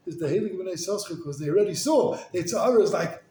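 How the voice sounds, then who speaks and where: A rabbi telling stories in a sermon, animated and casual, full of "like" and "you know.". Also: male voice, high voice, fast talker, few pauses. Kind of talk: storytelling sermon. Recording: echoey room with faint noise.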